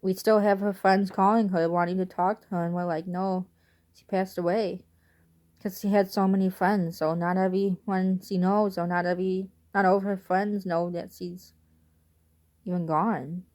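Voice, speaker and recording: A woman's voice: lowish voice, fairly even intonation, moderate pace, darkish tone. Young woman telling a rambling story. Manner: rambling, conversational, wistful at times. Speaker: vlogger. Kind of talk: casual storytelling.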